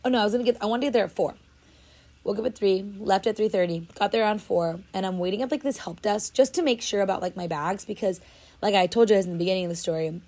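A woman's voice: medium pitch, darkish tone. A young woman telling a travel story in a chatty, dramatic way, full of filler words. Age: young adult. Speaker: storyteller vlogger. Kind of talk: casual storytime. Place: outdoors, then moves indoors.

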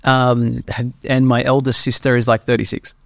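Chatty man, smooth dry voice. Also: medium pitch, normal speed, no echo. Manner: chatty, animated, swears casually. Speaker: podcast host. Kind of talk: casual conversational storytelling.

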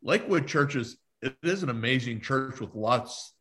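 A man's voice: medium pitch, expressive, normal speed, fairly bright tone. A man hosting an interview, affirming his guest enthusiastically before asking a question.

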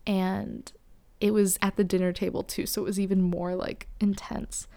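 A young woman hosting a podcast, telling a personal story candidly with many fillers and breathy whispered asides. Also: mid-range voice, little pitch movement, moderate pace, dark tone. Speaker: podcast host.

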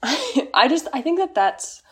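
A woman's voice: high voice, very animated, takes it slowly. A young woman co-hosting a podcast over a video call, rambling and giggly in casual chat. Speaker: podcast co-host.

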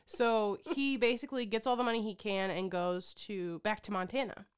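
A woman's voice: medium pitch, steady tone, moderate pace, clean tone. A woman co-hosting a casual chat, recapping a movie in a chatty, playful way with lots of "like". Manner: chatty, fillers like "like", playful asides. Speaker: podcast co-host.

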